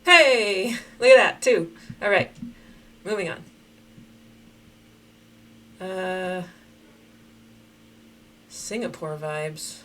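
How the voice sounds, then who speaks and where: A woman's voice: mid-range voice, animated, extremely slow, long pauses, a bit bright. Chatty woman thinking aloud over gameplay. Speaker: game streamer. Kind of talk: casual gameplay commentary.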